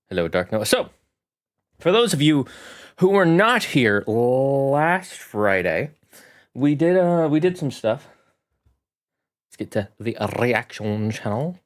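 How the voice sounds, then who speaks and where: A game-master streamer chatting casually from home, with showy greetings and frequent asides. His voice is mid-pitched and swings around freely. The delivery is animated and playful. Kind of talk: casual live stream chat.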